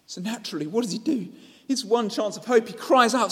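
Guy preaching a sermon, kinda high voice, lots of rhetorical questions, long hall reverb. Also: brisk, bright, forceful tone.

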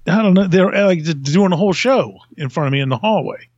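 A man's voice: high-pitched, lively intonation, fast talker, a little mellow, no echo. A man hosting a podcast, telling a long story in a rambling way and chuckling often. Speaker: podcast host. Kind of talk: casual storytelling. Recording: dull lo-fi sound.

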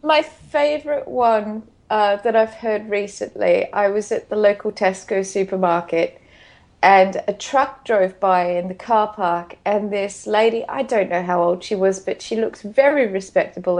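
A woman with an Australian accent, co-hosting a podcast in casual, bawdy chat, giggling often as she tells stories. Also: medium pitch. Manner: giggly, bawdy, animated storytelling. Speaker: podcast co-host. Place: home in Scotland.

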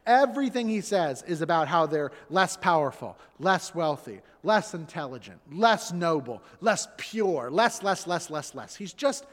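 A man in his thirties preaching as a pastor, an animated storyteller who acts out the voices in his stories. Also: fairly high pitch, measured pace, few pauses. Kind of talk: sermon. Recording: long hall reverb.

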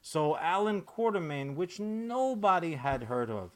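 A man's voice: on the high side, a little slow. Profane, ranting podcast host man. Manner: profane, ranting, animated with filler words. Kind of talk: casual podcast chat.

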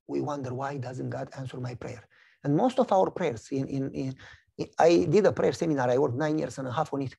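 Animated gravelly male preacher. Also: a little high. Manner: animated storytelling, acts out voices. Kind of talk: sermon with personal testimony.

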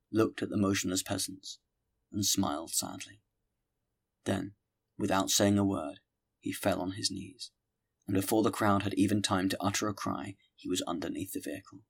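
Deep gravelly male narrator. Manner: measured, steady reading. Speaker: audiobook narrator. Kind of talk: scripted audiobook narration.

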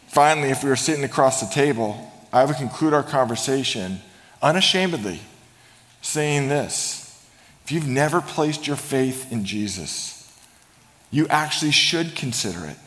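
Male pastor, mid-pitched voice, storytelling sermon with light humor and hushed emphasis, long hall reverb. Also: expressive, moderate pace. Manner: storytelling preacher with humor, drops to a hush for emphasis. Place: large church sanctuary.

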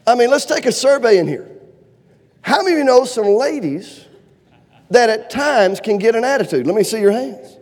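A man preaching a humorous sermon in a church auditorium, folksy and animated, asking the crowd for amens and shows of hands. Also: very high-pitched, moderate pace. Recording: long reverb of a large hall.

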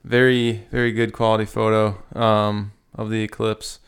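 A man co-hosting a casual podcast, talking in a rambling, halting way with many fillers. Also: fairly low pitch, little pitch movement, clean tone. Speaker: podcast co-host. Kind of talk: casual chat.

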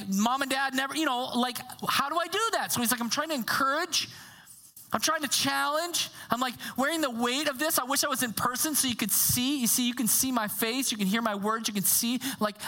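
Bright high-voiced woman preaching. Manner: animated, conversational preaching with acted quotes; drops to a hushed tone for emphasis. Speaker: pastor. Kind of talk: sermon.

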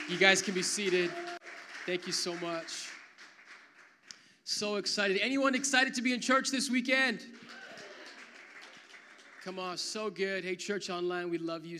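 High, bright-voiced young pastor preaching. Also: male voice. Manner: energetic storytelling with quoted dialogue. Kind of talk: sermon. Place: church hall with worship music. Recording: reverberant church hall.

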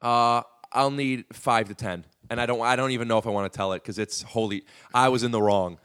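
A man's voice: mid-range voice, fairly even intonation, fairly quick, a bit bright, clear, resonant tone. A man guesting on a podcast, telling rambling, profane stories with lots of fillers. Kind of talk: casual storytelling.

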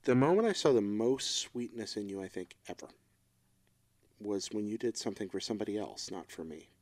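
A middle-aged man co-hosting a casual chat, talking in a reflective, emotional and halting way. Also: on the low side, animated, a little mellow. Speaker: podcast co-host.

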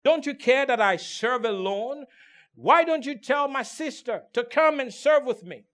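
A man's voice: very high-pitched, lively intonation, a little slow, a bit bright, pitched above the performer's own voice, heavily acted. A male preacher acting out an exasperated woman complaining that she is left to work alone. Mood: indignant.

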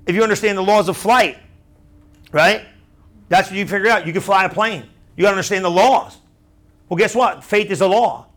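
A man pastor preaching a sermon through a story, chatty and animated, often asking the crowd "right?". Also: sits high, fairly quick, long pauses.

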